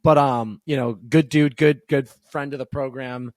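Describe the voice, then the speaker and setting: A young man co-hosting a podcast, talking hockey trades in quick, relaxed casual chat. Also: mid-range voice, no echo. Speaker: podcast co-host.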